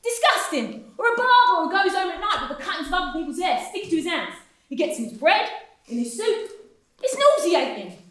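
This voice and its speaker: A woman playing a sly wheedling dockside hustler, a man selling fake drownings, pitched very high with lively swings, sounding far off in a roomy echoey hall. He pours out salesman patter and keeps bowing with mock respect. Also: a little fast, exaggerated voice. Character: hustling male street performer who fakes drowning. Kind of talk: amateur stage acting. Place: drama class room. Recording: echoey room, actors off-mic.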